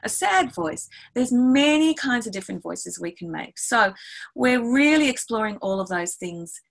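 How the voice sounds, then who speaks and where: A woman's voice: a little high, animated, normal speed, creaky, low-quality recording. A middle-aged woman, a music educator, explaining classroom activities step by step in a webinar and acting out her exchanges with the class. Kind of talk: webinar teaching talk.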